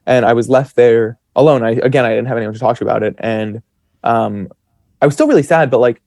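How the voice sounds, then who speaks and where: A podcast guest in his twenties tells casual stories in a chatty, rambling way, packed with fillers and quoted self-talk. His medium-pitched voice is a little fast and a little mellow, recorded dry at studio quality.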